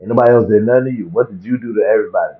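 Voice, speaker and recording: A man's voice: fairly low pitch, very fast. A man ranting profanely and comically to camera in a vlog, repeating himself for effect. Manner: profane, animated, repetitive rant. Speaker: vlogger. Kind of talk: comedic rant to camera. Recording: dull lo-fi recording.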